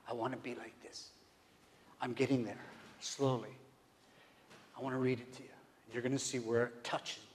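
A man preaches a sermon, putting questions to his congregation and moving between hushed whispers and loud, emphatic calls. His voice sits in the mid-range, with a little hiss or hum under it and a long hall reverb on the recording.

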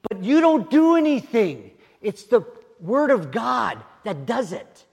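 An older man preaching a sermon as pastor, telling stories in an animated way that rises to excited exclamations, in a church hall. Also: very high voice, a little slow, vocal fry, slightly rough. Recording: long hall reverb.

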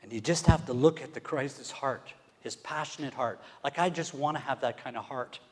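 A man preaching a sermon, asking the congregation questions and swinging from hushed whispers to loud, emphatic calls. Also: mid-range voice, normal speed. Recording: long hall reverb.

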